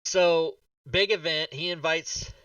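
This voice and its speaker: A man hosting a podcast, telling a rambling, animated story full of swearing and acted-out reactions. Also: on the high side, takes it slowly, clean tone, dry recording, far from the mic, lo-fi sound. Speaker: podcast host. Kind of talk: casual chat.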